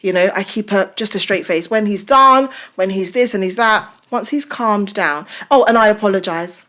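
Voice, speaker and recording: A woman's voice: mid-range voice, normal speed. Emphatic woman pastor chatting. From Britain. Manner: emphatic, expressive storyteller. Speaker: pastor and guest. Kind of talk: casual chat.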